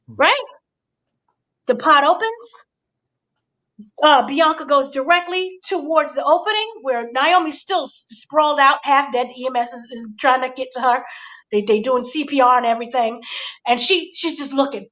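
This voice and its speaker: A woman hosting a casual wrestling review, animated and acting out the quotes with gasps and shrieks. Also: high voice, normal speed. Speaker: show host. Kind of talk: casual wrestling recap chat.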